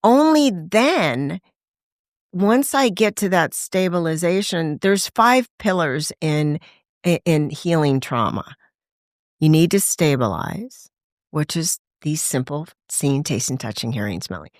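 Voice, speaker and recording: A woman's voice: sits low, sing-song, takes it slowly, dry recording, studio quality. A woman, a podcast guest, telling her recovery story in candid conversation, acting out quoted voices and laughing often.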